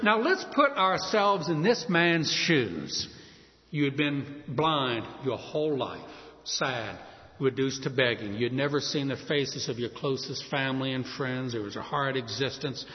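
A male preacher telling a story in a sermon, animated and acting out the scenes. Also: medium pitch, unhurried. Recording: dull recording with long hall reverb.

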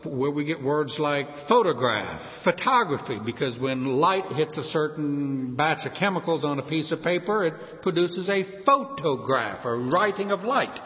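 A man's voice: a little high, animated, a little slow, hardly any pauses, big-room sound, dull audio. A man preaching a sermon, emphatic, stressing quoted scripture. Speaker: pastor.

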